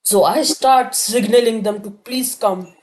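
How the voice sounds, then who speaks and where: A woman's voice: on the high side, measured pace, darkish tone. A woman telling a story-time tale in a casual, rambling way, with many fillers and restarts.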